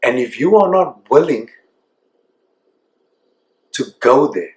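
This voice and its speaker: A man hosting a self-discovery program, speaking earnestly and reflectively and slowing down to stress key points. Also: medium pitch, animated. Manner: earnest, reflective, slows down for emphasis. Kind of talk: motivational talk to camera. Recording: echoey room.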